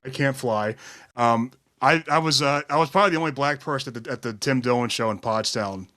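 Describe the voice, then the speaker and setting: A man's voice: medium pitch, brisk, fairly bright tone, no room sound, studio quality. A man who is a comedian, chatting in an easygoing, self-deprecating way on a podcast. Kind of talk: casual podcast chat.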